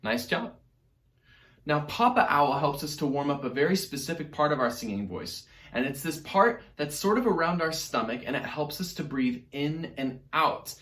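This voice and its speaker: A man's voice: fairly high pitch, animated, normal speed, fairly bright tone, roomy sound. A man teaching an online music lesson to young children in an upbeat, encouraging way, speaking directly to his class.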